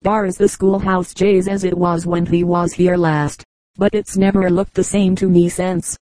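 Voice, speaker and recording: A woman's voice: on the low side, a little slow, no echo, close to an everyday voice. A woman reading the lines of a poor mountain boy in a listless, passionless storybook voice. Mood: wistful. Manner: listless, flat, lifeless delivery.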